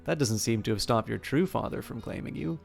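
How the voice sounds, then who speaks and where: A man's voice: mid-range voice, expressive, a little fast, gravelly, soft background music. A man voicing a proud, hot-tempered male elf warrior who swears oaths and speaks sardonically. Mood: sardonic.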